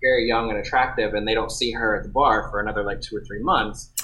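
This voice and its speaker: A man's voice: fairly low pitch, steady tone, fast, pushed and bright, slight background noise, low-quality recording. A man co-hosting a podcast, chatting casually and telling a story in a rambling, self-interrupting way. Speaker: podcast co-host. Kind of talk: casual chat.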